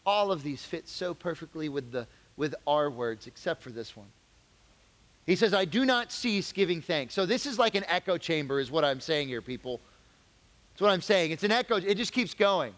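Animated man preaching in a reverberant hall. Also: a little high, moderate pace. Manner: animated, conversational, rising to emphatic questions. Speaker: youth pastor. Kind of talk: youth group Bible lesson.

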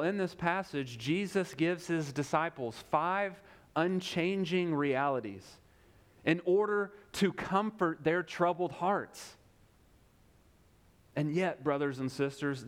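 A young adult man preaching a sermon as pastor, emphatic, with repeated phrases and dramatic pauses. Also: a little high.

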